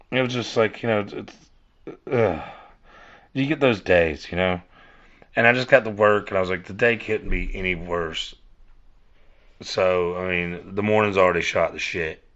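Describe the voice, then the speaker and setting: A man's voice: mid-range voice, fairly bright tone. Rambling man, lo-fi. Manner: rambling, repeats and restarts, cursing, addresses listeners as y'all. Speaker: podcast host. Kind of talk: casual rambling monologue. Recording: dull lo-fi recording.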